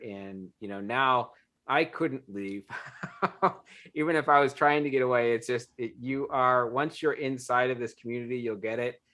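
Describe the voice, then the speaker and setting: A man's voice: medium pitch, pushed and bright. A man speaking earnestly as an interview guest, reflective and full of fillers, over a video call. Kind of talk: casual interview talk.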